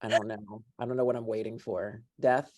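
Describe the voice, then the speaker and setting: A woman hosting a podcast in casual chat, with a dry, deadpan sense of humor. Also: very deep voice, brisk. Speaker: podcast host.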